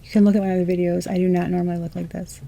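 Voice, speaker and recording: Chatty, mellow-voiced woman tarot reader. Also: lowish voice, flat delivery, racing, gravelly. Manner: rambling, swearing, half-laughing disbelief. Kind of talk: casual tarot reading vlog.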